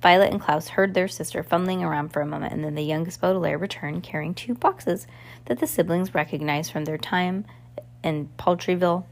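A woman's voice: lowish voice, fairly quick, gravelly. A woman reading a novel aloud in an unpolished way, with stumbles and restarts. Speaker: reader.

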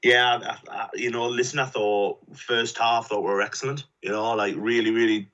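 A man's voice: medium pitch, little pitch movement, normal speed, fairly bright tone, highs cut off. A man chatting about football, hesitant and repeating words. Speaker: podcast guest pundit. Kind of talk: casual football chat.

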